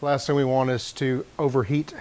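A man in his own garage talks through a repair as he goes, half to himself and half to his viewers. His voice sits at an ordinary middle pitch, with dry, self-mocking jokes tossed in between tasks. A faint background hiss is there the whole time. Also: level tone, normal speed, a little mellow. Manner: thinking aloud, self-deprecating, wry asides. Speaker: channel host repairing a motor scooter. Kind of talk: casual narration while working. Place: home garage workshop.

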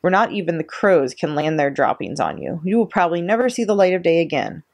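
A woman's voice: lowish voice, big pitch swings, quick pace, gravelly, darkish tone, heavily acted. A woman voicing a huge, furious, bullying headmistress who rants and barks insults while reading a storybook aloud. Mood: ranting. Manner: roaring, ranting, barking insults.

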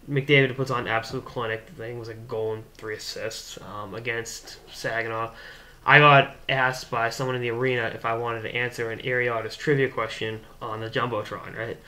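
A young man from the Boston area, a hockey blogger hosting his own show, telling a rambling, animated anecdote to camera. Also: mid-range voice. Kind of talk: casual storytelling to camera.

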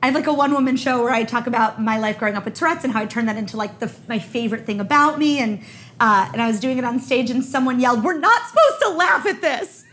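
Husky high-voiced woman telling stories. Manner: quick, animated storytelling with laughter. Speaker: guest comedian. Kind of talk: candid conversational interview.

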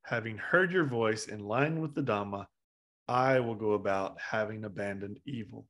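A man voicing a fierce male bandit who yells high and strained at a monk, and then speaks slowly once he is humbled.

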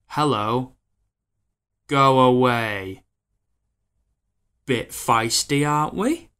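A man in his twenties hosting a podcast, rambling in an animated, casual way with lots of fillers and acted-out quotes. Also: lowish voice, vocal fry. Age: 20s. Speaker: podcast host.

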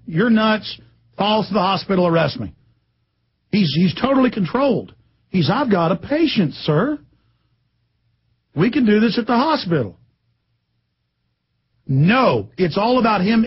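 Man, radio host rant, husky high voice, dull lo-fi broadcast sound. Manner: indignant, ranting, swings into mocking shouts. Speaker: radio talk show host.

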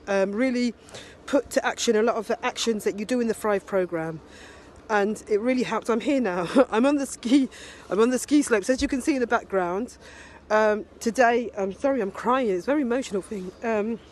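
A woman in her fifties recording a personal video diary on her handheld phone, talking in a heartfelt, halting way with many fillers. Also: medium pitch, darkish tone, slight background noise. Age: 50s. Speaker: video diarist. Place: ski resort and restaurant abroad.

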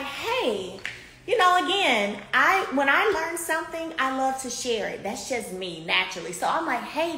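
A woman telling a chatty, animated story to her viewers from a beauty salon, filmed on a handheld phone. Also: fairly high pitch, a little hiss or hum. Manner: animated, addresses viewers as y'all, swings loud and soft. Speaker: vlogger. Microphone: phone camera held by speaker. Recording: echoey room with faint ambience.

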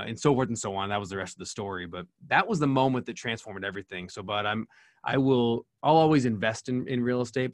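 A man's voice: lowish voice, dry recording. Earnest man telling a story, dry sound. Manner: earnest, animated storyteller with many restarts. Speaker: podcast guest, speaker and coach. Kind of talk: storytelling in interview.

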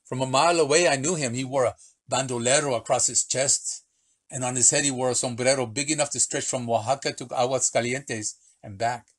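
A man voicing a very old storyteller, speaking broken English with dramatic pauses and slow punchlines. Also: mid-range voice, soft background music, lightly acted. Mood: playful. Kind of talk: storytelling for children.

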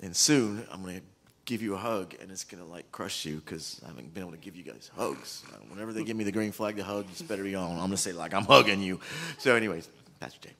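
A man's voice: low voice, fast talker, a bit bright. A man, a youth pastor speaking casually and emotionally to a church youth group, with many ums and restarts.

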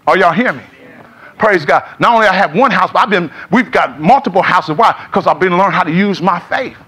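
High-voiced man preaching a sermon. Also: fairly quick, a bit bright, slightly rough. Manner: call-and-response preaching, asks congregation to repeat. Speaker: pastor. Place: church sanctuary.

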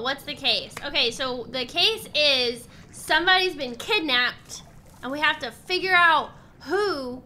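A woman's voice: high-pitched, bright, forceful tone, a little hiss or hum. Bubbly young woman streamer. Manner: bubbly, chatty. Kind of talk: casual gameplay commentary.

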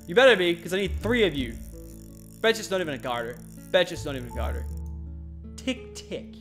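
A young man with an Australian accent giving excitable let's-play commentary, shouting and groaning at the game and talking to himself. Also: high voice, fast, soft background music. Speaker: gaming channel host.

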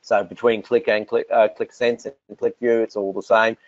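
A man with an Australian accent presenting software and answering technical questions, relaxed, with many fillers and restarts. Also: lowish voice, moderate pace, no room sound. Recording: dull, dry lo-fi audio.

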